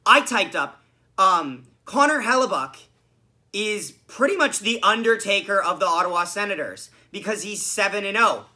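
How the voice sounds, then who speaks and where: A man hosts a solo sports podcast and vents over a bad loss, sarcastic and full of swearing. His voice has a very bright, piercing edge. He sounds a touch hoarse from screaming. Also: high-pitched, normal speed. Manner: animated, swearing, frustrated, sarcastic. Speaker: podcast host. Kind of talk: solo sports reaction rant.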